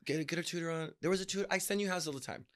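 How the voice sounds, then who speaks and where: A man's voice: on the high side, racing, fairly bright tone. Breezy, playful man chatting. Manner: breezy, playful, rambles through plans. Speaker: podcast co-host. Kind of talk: casual chat.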